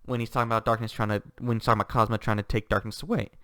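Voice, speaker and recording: A man's voice: on the low side, little pitch movement, rapid-fire, a bit bright, clean tone, no echo, clean studio sound. A man giving a casual, enthusiastic book review, rambling with restarts and laughter.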